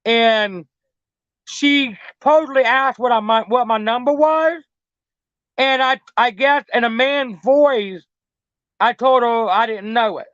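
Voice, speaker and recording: A woman's voice: fairly high pitch, no echo. A middle-aged woman telling a story as an interview guest in a casual, rambling, repetitive way, swearing freely. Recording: dull lo-fi dry recording.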